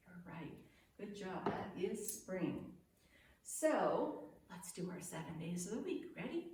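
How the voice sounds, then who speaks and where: A woman leading a children's circle-time lesson, gentle and sing-song, pausing for the children's answers. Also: fairly low pitch, expressive, a little hiss or hum. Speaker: preschool teacher. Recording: very echoey room, voice from a distance.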